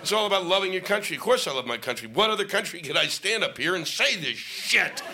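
A man doing a stand-up comedy set on stage, ranting and swearing with shouted bursts. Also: high-pitched, lively intonation, fast talker, some chatter behind. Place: comedy stage before a live audience. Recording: live stage mic with noisy audience.

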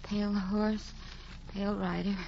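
A woman's voice: medium pitch, little pitch movement, a little slow, gravelly, warm tone, muffled recording, slight background noise. An actress playing a young woman from the American South, delirious with fever, talking in a breathless, pleading way. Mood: wistful.

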